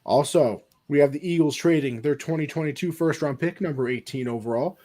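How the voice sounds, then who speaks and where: A man with a slightly raised pitch runs a casual mock draft show as its commissioner. He teases his co-hosts and then reads trades in a mock announcer voice. His delivery is loose and playful. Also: brisk, warm tone. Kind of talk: casual online show hosting.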